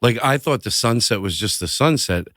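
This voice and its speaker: Animated man acting out bits, dry sound. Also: mid-range voice, normal speed, no room sound. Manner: animated, acts out bits with sudden loud outbursts. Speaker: podcast guest. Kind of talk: casual chat.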